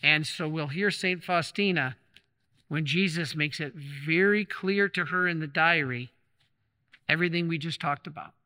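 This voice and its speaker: A man's voice: fairly high pitch, moderate pace, pushed and bright. A man preaching as a Catholic priest, telling a story in a conversational way with restarts and repeated phrases, recorded in a church. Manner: conversational, retells stories with restarts and repetition. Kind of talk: sermon with storytelling. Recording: long reverb of a large hall.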